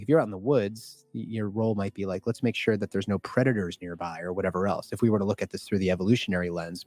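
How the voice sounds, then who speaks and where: A man's voice: lowish voice, a little mellow, no echo. A man speaking as a guest doctor on a podcast, earnest and reflective, stressing points by repeating words. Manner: earnest, reflective, emphatic repetition. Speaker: guest OB-GYN. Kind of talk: podcast interview.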